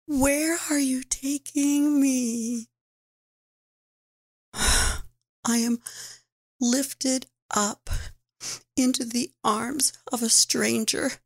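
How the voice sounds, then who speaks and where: A woman speaking as a frightened six-year-old girl taken from home, halting and pleading, at times whispering. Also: high-pitched, steady tone, full character voice.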